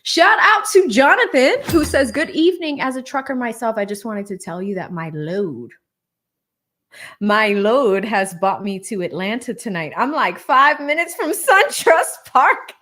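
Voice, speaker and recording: A woman's voice: fairly high pitch, expressive, a little slow, fairly bright tone. Laughing woman hosting a livestream. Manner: laughs often, reads chat comments aloud. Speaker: livestream host. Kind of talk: casual livestream chat. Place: Atlanta.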